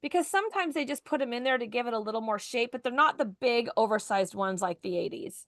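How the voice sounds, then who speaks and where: A woman's voice: fairly high pitch, expressive, quick pace, fairly bright tone, dry recording, studio quality. A woman co-hosting a morning show, chatting casually and reading out news items. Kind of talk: casual radio-style chat.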